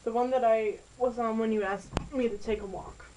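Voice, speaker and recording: A woman's voice: a little high, steady tone, moderate pace, dark tone, a little hiss or hum, lightly acted, poor audio. A woman voicing a sweet, devoted teenage boyfriend, read in an earnest, apologetic way. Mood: tender.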